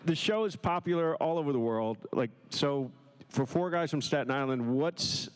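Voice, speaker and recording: A man's voice: fairly high pitch, animated, normal speed, smooth. A man moderating a live comedy panel who asks long, rambling questions.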